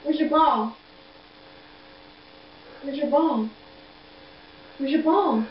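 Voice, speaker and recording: A young mother coaxing her toddler in high sing-song baby talk over a video call, repeating simple prompts. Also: very slow, long pauses. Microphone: computer video call mic. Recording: dull echoey video-call audio, faint noise.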